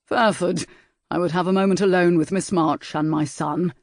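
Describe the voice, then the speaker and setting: A woman's voice: fairly low pitch, fairly even intonation, moderate pace, dry recording, clean studio sound, lightly acted. A woman voicing a stern, imposing elderly earl in a period audiobook, cool and commanding in manner.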